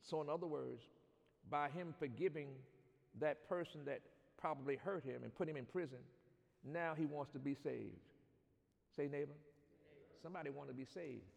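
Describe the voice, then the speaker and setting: A man preaching a sermon in a church, reading scripture and calling on the congregation to answer back, building to loud shouts. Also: a little high, normal speed, vocal fry. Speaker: pastor. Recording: long hall reverb.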